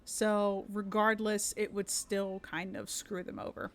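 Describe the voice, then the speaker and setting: Woman game master, casual stream chat, rambling and full of fillers, mid-pitched. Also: level tone, a little slow. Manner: chatty, rambling, with many fillers and restarts. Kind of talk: casual live-stream chat about tabletop rules.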